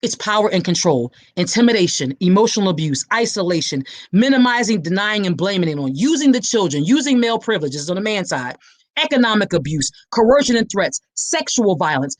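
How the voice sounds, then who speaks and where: A woman's voice: mid-range voice, very animated, fairly quick, no echo. A woman hosting a live awareness talk, preaching straight to her listeners with passion. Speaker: podcast host and survivor advocate. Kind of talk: live-streamed awareness talk, reading comments.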